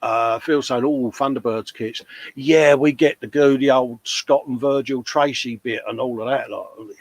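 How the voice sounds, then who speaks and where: A man's voice: medium pitch, steady tone, measured pace, no echo, poor audio. A man co-hosting a hobby livestream, casually chatting and reading out viewer comments, calling everyone mate. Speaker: livestream co-host.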